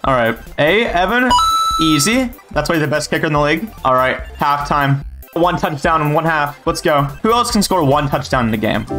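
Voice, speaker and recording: A young man giving live commentary on his own football gameplay, bragging and joking as he trash-talks. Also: medium pitch. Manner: boastful, joking trash talk. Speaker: gaming YouTuber.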